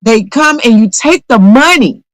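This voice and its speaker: A woman's voice: fairly high pitch, expressive, unhurried, no room sound, low-quality recording. A woman venting in a live audio discussion, heated and profane, repeating phrases for emphasis. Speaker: audience member in a live audio room. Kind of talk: impassioned call-in venting.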